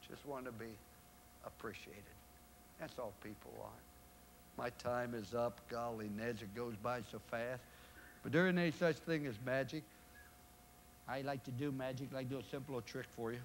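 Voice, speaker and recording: An older man, a football coach, giving a motivational speech to a live audience in a room. He tells anecdotes and acts out the quoted exchanges, with sudden loud rises and quiet drops. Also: medium pitch, slight background noise.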